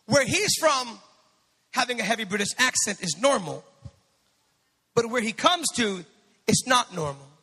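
A male pastor preaching a sermon, swinging between quiet asides and shouted, sing-song exhortation. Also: extremely high pitch, animated, a little slow, pauses often, husky. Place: church sanctuary. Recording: long church hall reverb.

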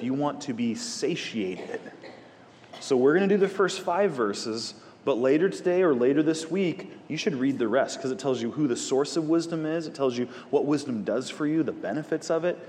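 A man leads a Bible study, praying and then teaching with casual, animated asides. His voice sits at a middle pitch. It rings out with a long reverb, as in a big hall. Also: a little hiss or hum. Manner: conversational, animated, jokey asides.

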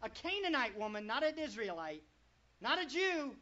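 A pastor preaching a sermon to a congregation, full of rhetorical questions and swinging between loud and quiet. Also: medium pitch, big pitch swings, moderate pace. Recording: dull lo-fi recording.

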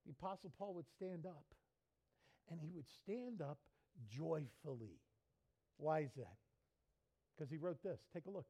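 A man preaching in a church as pastor, lively and playful, mimicking people for laughs. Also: on the high side, a little slow, long pauses, husky. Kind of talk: sermon.

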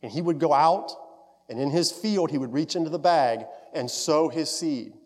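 A man preaching a sermon as pastor, earnest, rising to fervent emphasis and then dropping soft and low. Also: animated, moderate pace. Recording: long reverb of a large hall.

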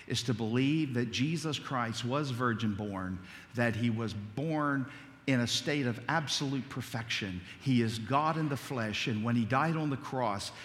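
A man's voice: mid-range voice, measured pace, fairly bright tone. Fervent preacher man in a reverberant hall. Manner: builds to fervent, rising litany. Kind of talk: sermon.

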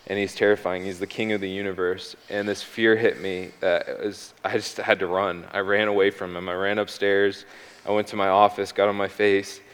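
A man's voice: sits low, level tone, moderate pace, clean tone. A man sharing a personal faith testimony as a guest, hesitant, with frequent ums and restarts, speaking on a stage. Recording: long hall reverb.

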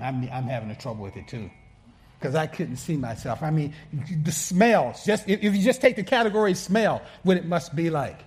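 Male pastor, slightly high voice, earnest sermon delivery with restarts and loud emphatic peaks. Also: animated, moderate pace. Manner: earnest, stumbling restarts, swings between soft asides and emphatic peaks.

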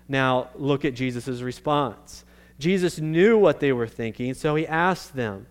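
A man's voice: medium pitch, measured pace. A man preaching a sermon as pastor, earnest and emphatic, often restarting his sentences.

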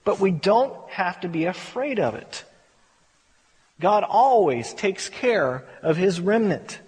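Pastor, male, high-pitched and husky, conversational Bible teacher, reverberant hall. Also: lively intonation, slow pace, a little mellow. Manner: conversational, repeats words when emphatic.

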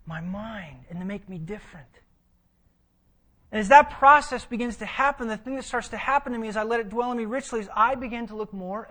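A man's voice: sits high, fairly quick, bright, forceful tone. A man preaching a sermon, emphatic and full of vivid storytelling. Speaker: pastor.

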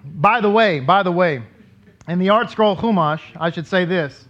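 A man's voice: high-pitched, moderate pace, fairly bright tone. A man leading his congregation as rabbi, giving a sermon in a conversational way and asking them questions, heard in a synagogue sanctuary. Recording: dull lo-fi recording.

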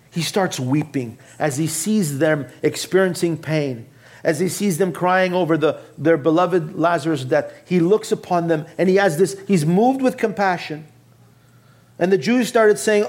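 A man preaching a sermon earnestly, dropping low and quiet for emphasis and asking his listeners direct questions. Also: normal speed. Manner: addresses the congregation directly with questions. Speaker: pastor.

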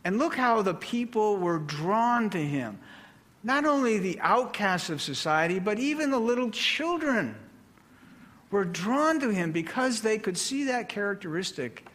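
Male pastor, sermon delivery, unhurried and measured, higher register. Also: sing-song, a bit bright. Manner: slow, deliberate delivery with measured pauses. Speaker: preacher.

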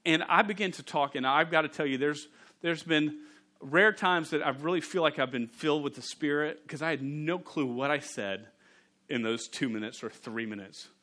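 A man, a pastor preaching a sermon in a church and telling stories in a relaxed, humorous way. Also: a little high, normal speed. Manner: conversational, humorous storytelling. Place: church sanctuary.

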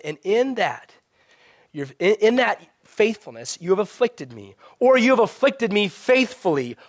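Male pastor, higher-pitched voice, animated sermon delivery with loud peaks and hushed lows. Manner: animated preaching, rising loud on emphasis and dropping to quiet.

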